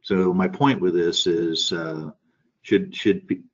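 Low-voiced man on a muffled conference call. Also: steady tone. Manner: halting, many fillers and restarts. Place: office in Washington.

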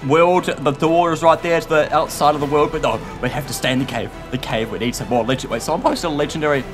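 A man commenting on his own gameplay in a frantic, excitable way, often shouting and squealing. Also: fairly high pitch. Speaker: gaming YouTuber. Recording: light background music.

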